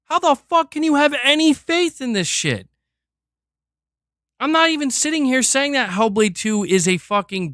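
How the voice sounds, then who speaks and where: A man's voice: extremely high pitch, a bit bright, no room sound, studio quality. A man hosting a stream, ranting in a heated, profane and exasperated way. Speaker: streamer host.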